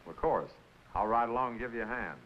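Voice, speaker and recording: An actor playing a hospitable rancher uncle who speaks in a welcoming way in 1950s TV western style. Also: male voice, mid-range voice, a little fast, natural voice. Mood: friendly. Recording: dull hissy old TV soundtrack.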